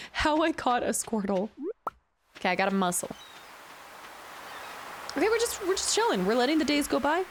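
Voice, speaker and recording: A young woman live-streaming a video game, chatting casually and reacting with excitement. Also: medium pitch, slight background noise.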